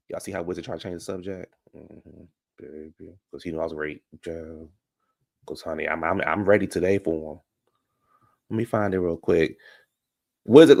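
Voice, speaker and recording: A man's voice: low-pitched, vocal fry. A man giving casual live-stream commentary on reality TV, chatty and opinionated, talking straight to his viewers.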